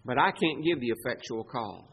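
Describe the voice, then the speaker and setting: A man preaching a sermon as pastor, swinging between loud emphasis and soft asides. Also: medium pitch, expressive, normal speed, slightly rough.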